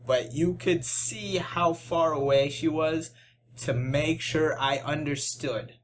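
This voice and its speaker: A man's voice: fairly high pitch, takes it slowly, a little hiss or hum. A young man telling a story in a casual vlog, rambling and self-deprecating, with many restarts and asides. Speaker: YouTube channel host. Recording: music bed under the voice.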